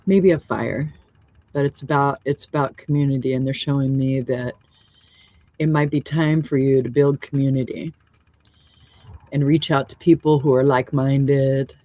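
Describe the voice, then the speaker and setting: A woman hosting a live oracle card reading. She speaks gently and affirmingly, wandering and restarting phrases as she describes what she senses. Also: very deep voice, fairly even intonation, moderate pace, dry recording. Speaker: show host and oracle card reader.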